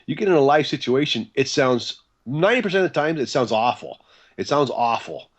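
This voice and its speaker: Animated man telling band stories. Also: mid-range voice, brisk, dull audio. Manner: animated, acts out quoted dialogue, chatty with fillers. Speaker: guest guitarist. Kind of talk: casual interview storytelling.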